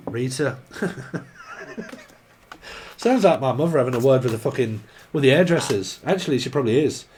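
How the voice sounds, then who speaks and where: A man's voice: mid-range voice, darkish tone, husky. A man giving a casual, rambling tarot reading, joking and swearing freely. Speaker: tarot reader.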